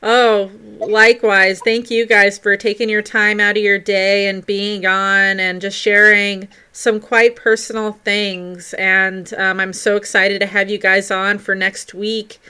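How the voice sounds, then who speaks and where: A woman's voice: mid-range voice, level tone, a little slow, hardly any pauses, pushed and bright, smooth. A woman hosting a paranormal podcast, giving a bubbly, giggly outro.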